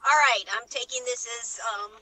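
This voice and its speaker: A woman's voice: a little high, moderate pace, pushed and bright, slight background noise. A woman telling a joke in an improv game, delivering it playfully. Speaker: improv performer. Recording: dry, distant mic.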